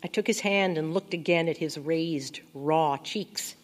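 A woman reads a first-person story in a quiet, intimate, reflective voice. Her pitch sits a little low for a woman, and the delivery stays close and unhurried. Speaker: audiobook narrator. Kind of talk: first-person audiobook narration.

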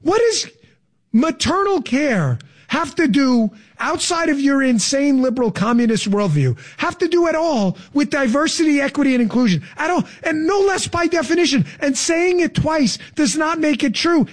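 Brief: incredulous male political talk host, sarcastic, high and swooping delivery. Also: expressive, moderate pace, hardly any pauses. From Florida resident. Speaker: radio talk show host. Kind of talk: political commentary.

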